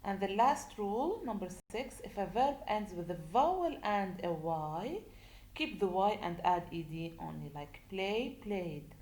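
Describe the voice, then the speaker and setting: A woman teaching a grammar lesson, speaking slowly and deliberately, repeating points and asking rhetorical questions. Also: medium pitch, lively intonation, darkish tone. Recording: echoey room with faint noise.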